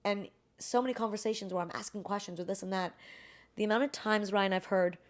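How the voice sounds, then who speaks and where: A woman's voice: medium pitch, quick pace. A woman, a business founder, talking candidly in a casual interview and acting out quoted conversations in different voices. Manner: animated, acts out quoted dialogue in shifting voices; candid and self-deprecating. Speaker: guest, beverage brand founder.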